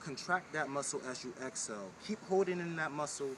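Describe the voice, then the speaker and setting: A man's voice: on the high side, lively intonation, a little fast, noisy background. A man teaching a breathing and pelvic floor exercise in a casual video, repeating his instructions and speaking straight to the viewer. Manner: repetitive, coaching, direct to viewer. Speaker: spiritual wellness teacher.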